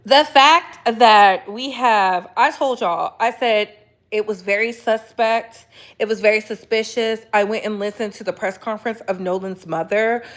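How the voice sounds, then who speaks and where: A woman's voice: medium pitch, measured pace. A woman hosting a casual gossip livestream, chatting and greeting viewers by name, often repeating phrases. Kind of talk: casual live chat.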